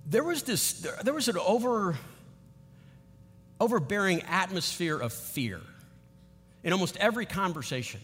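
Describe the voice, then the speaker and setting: A middle-aged man preaching a sermon in a conversational, animated way, asking the audience questions. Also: sits high, moderate pace, long pauses, slightly rough. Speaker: pastor. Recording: long reverb of a large hall.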